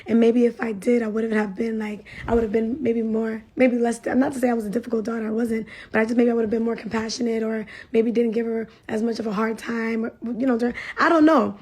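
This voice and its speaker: A woman's voice: on the high side, steady tone, brisk, hardly any pauses, darkish tone, breathy edge. A young woman giving a casual spoken testimony, chatty, full of fillers and repeated phrases. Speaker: churchgoer sharing a testimony.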